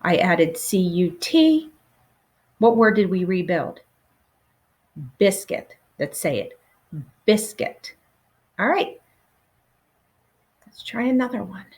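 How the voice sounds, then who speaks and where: A woman teacher leading a recorded phonics lesson for children, patient and encouraging, pausing for answers. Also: medium pitch, lively intonation, darkish tone.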